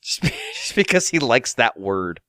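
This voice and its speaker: A man hosting a podcast, chatting casually with quick jokes and asides. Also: medium pitch, dry recording, studio quality. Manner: animated, jokey, quick asides and impressions. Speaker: podcast host. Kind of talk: casual comedic podcast chat.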